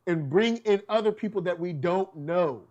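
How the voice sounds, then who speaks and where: Easygoing man with a slightly higher voice. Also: normal speed, a little mellow, highs cut off, slight background noise. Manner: easygoing, laughs often. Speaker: co-host reading viewer comments. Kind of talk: casual fan review chat.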